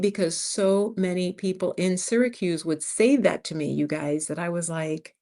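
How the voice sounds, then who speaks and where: A woman over fifty from the United States, hosting a casual livestream and chatting with viewers, telling stories with lively acted-out quotes. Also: medium pitch, normal speed. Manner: animated storyteller, acts out other people's lines. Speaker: livestream host. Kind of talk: casual live-chat talk to viewers.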